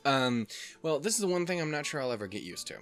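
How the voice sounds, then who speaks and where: A man's voice: fairly high pitch, very animated, fast, a bit bright, soft background music. A man playing a visual novel on his channel, reading the text aloud between profane, self-deprecating, rambling asides. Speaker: let's player. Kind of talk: casual game commentary, reading text aloud.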